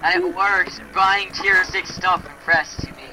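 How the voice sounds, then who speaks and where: A young man co-hosting a gaming video, joking and excitable and blurting out what he finds, while he has the hiccups. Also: high-pitched, slow, noisy background. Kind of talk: casual gameplay chat.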